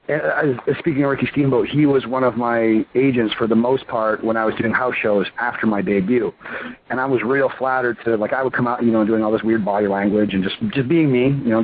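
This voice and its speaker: Wrestler guest in his thirties, excitable rambling talk, tinny phone line with a faint hiss. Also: mid-range voice, brisk. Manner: excitable, rambling, full of "you know" and "I mean". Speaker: pro wrestler, interview guest. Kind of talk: casual phone interview.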